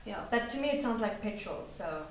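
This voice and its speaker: A woman's voice: mid-range voice, expressive, brisk. A woman vocalist being interviewed, chatting and telling stories with a giggly, talkative manner. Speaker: band vocalist guest. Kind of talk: casual interview chat. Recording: roomy distant mic, faint noise.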